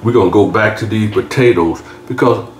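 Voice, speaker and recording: Deep guy drawling through a cooking video, y'all every other line, echoey kitchen. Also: fairly quick, noisy background. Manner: laid-back, drawling, keeps saying y'all. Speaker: cooking channel host. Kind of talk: casual cooking tutorial narration. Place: home kitchen.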